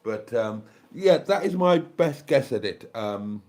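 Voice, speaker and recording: An older man from South Wales speaks slowly in a mid-range, darkish voice with lively intonation. Hosting a casual live stream, he rambles while thinking aloud and thanks his audience.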